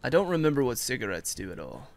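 A man's voice: mid-range voice, very animated, fast talker. A man streaming a war game, chatting casually with rambling, self-mocking asides and reading the game's text aloud. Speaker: gameplay streamer.

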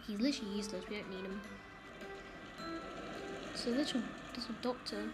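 A woman giving casual gaming commentary, excitable and jokey, often complaining about the game. Game music plays clearly underneath. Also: medium pitch, brisk, rough recording. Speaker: gamer, video host.

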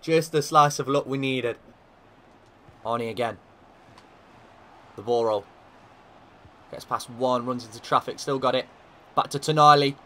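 A man commentating his own football video game, getting excitable and shouting at the big moments. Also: medium pitch, unhurried, long pauses, slight background noise. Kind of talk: gaming commentary.

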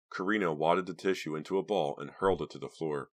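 Very deep-voiced male narrator. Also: fairly quick, few pauses. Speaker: audiobook narrator. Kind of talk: scripted narration.

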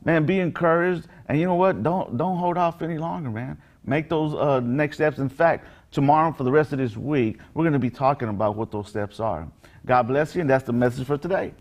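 A male pastor speaks a brief daily message in a slightly higher-than-usual voice. His delivery is conversational and earnest, full of fillers and restarts. He leans into rhythmic, emphatic phrases. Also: fairly quick. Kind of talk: short daily devotional message.

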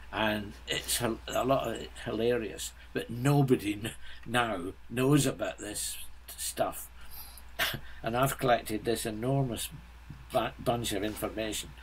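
A man in his seventies, a guest composer, talking bluntly in a halting, restart-filled way in a casual interview. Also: medium pitch, slight background noise, rough recording. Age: 70s.

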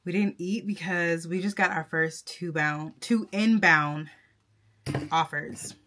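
Taking it slowly, a woman with a fairly low voice sounds pushed and bright as she talks to camera. The content creator's casual vlog is chatty and emotional, aimed straight at her viewers and riddled with fillers and restarts.

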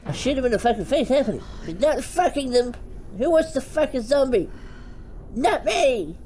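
High, lively man swearing through a game. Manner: constant swearing, shouting and panicked yelps. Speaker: gaming streamer. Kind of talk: gaming commentary. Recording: noisy, with game sounds behind. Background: game sounds.

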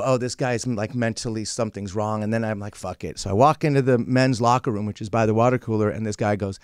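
A man guest on a podcast tells a loose, profane story in casual chat, slipping into the voices of the people in it. His voice sits at a middle pitch. The sound is dry and close, with no room echo. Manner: profane, rambling, acts out quotes.

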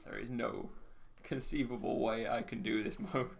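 A man's voice: mid-range voice, fairly even intonation, moderate pace, creaky, a little hiss or hum. A man playing a racing game, rambling, laughing often and swearing a lot. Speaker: gamer commentating his play. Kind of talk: casual gaming chat.

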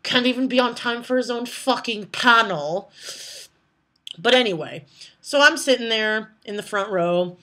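A woman chatting casually to her vlog audience, swearing a lot as she tells animated stories. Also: fairly high pitch, measured pace. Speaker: vlogger. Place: indoors at night.

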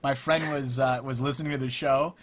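A man's voice: medium pitch, fairly even intonation, fairly quick, fairly bright tone. A man hosting a podcast, chatting playfully and laughing often. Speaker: podcast host. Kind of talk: casual chat.

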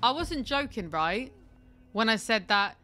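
A woman's voice: fairly high pitch, lively intonation, a little slow, sharp tone, faint music behind. A woman live-streaming a game from home on a headset, chatty and swearing, with laughing asides.

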